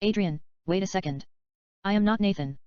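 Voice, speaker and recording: A woman reading the part of a chatty, dreamy male screenwriter in a plain, even voice. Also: mid-range voice, brisk, clean tone, dry recording, close to an everyday voice. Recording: dull, slightly lo-fi dry recording.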